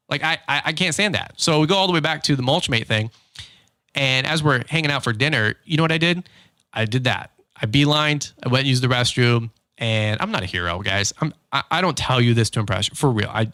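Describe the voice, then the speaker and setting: A man hosts a podcast in an easygoing spoken monologue, his voice sitting in a middle range. He tells stories with energy and slips into lively quoted voices, with plenty of fillers and restarts. The sound is dry and close, with no room around it. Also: mid-range voice, no room sound. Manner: animated storytelling, acts out quotes. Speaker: podcast host. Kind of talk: casual monologue.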